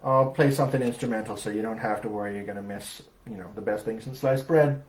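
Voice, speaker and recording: With loud accordion music in the background, a man on a livestream delivers wry, self-deprecating patter between songs and sings a comic tango. His voice is on the low side and quick-paced, and the low-quality recording carries slight background noise.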